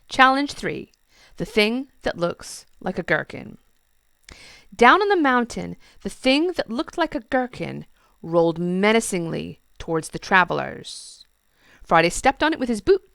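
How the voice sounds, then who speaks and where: A woman reading a children's book aloud with lively, expressive storytelling. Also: fairly low pitch, normal speed, creaky, dry recording.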